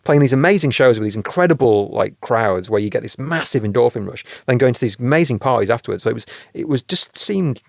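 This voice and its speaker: A man's voice: mid-range voice, animated, creaky, no room sound. A male band member reminiscing in an interview, rambling and full of fillers. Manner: rapid, rambling, filler-heavy talk.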